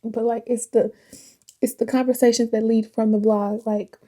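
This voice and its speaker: Husky woman vlogging. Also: on the high side, little pitch movement, moderate pace, mellow. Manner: chatty, reflective, Southern slang, laughs often. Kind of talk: casual vlog talk while driving. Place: in a car.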